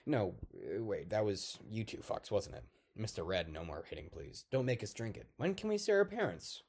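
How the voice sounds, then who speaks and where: A bitter, volatile artificial toy man, played by a man, rambles through a dark comic monologue. His voice sits deep with a dark, mellow tone. He swears constantly and lurches between low mutters and sudden shouts. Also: very animated, moderate pace, husky, heavily acted. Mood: unhinged.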